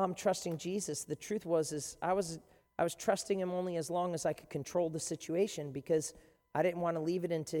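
In a large church, the long reverb of the hall trails after a medium-pitched pastor. His sermon is animated and forceful, and he punches up the scenes he retells.

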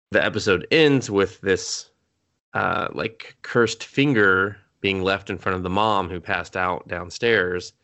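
A man's voice: sits low, bright, forceful tone. Rambling man recapping an anime, coughing. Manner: rambling, laughs often, acts out quotes. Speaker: podcast co-host. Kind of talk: casual chat recapping an anime episode.

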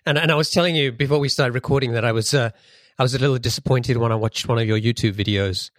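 A man's voice: medium pitch, fast, fairly bright tone, no room sound, clean studio sound. A man hosting a podcast, reading a sponsor message and asking his guest questions in an eager, conversational way. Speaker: podcast host. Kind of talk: podcast interview and ad read.

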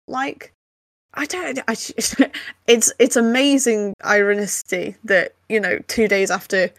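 A woman's voice: medium pitch, no echo, clean studio sound. A young woman, co-hosting a casual podcast chat, laughing often and talking with lots of fillers. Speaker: podcast co-host.

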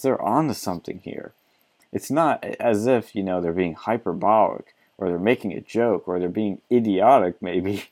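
Brief: low-pitched male commentator, sarcastic and mocking, swears freely. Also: moderate pace, a little mellow. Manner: sarcastic, mocking, swears often, laughs between remarks. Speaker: commentator reacting to an article. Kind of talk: reading aloud and ranting commentary.

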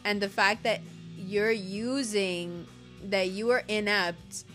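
A woman's voice: mid-range voice, steady tone, slow, fairly bright tone, soft background music. A woman acting out a furious woman who leaves a cutting, profane, sarcastic voice note for a cheating lover. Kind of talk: acted voice-note rant.

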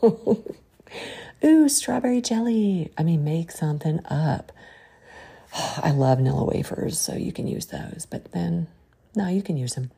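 A woman's voice: low voice, a little slow, gravelly, warm tone, husky. A woman with a Southern drawl hosting a podcast, giving folksy, preachy faith-based encouragement. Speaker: podcast host.

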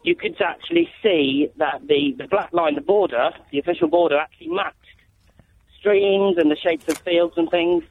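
A young man calling into a radio show, hesitant, with many ums and pauses. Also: a little high, sing-song, vocal fry. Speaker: caller, council intern. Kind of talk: phone-in call. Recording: crackly phone line with faint hiss.

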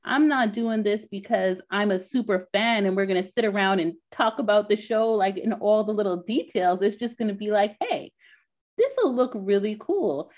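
A woman co-hosting a podcast in casual chat, talkative and quick to laugh, with lots of filler words. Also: mid-range voice, fairly even intonation, a little mellow. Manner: chatty, laughs often, many "like" fillers. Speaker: podcast co-host. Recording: dull lo-fi sound.

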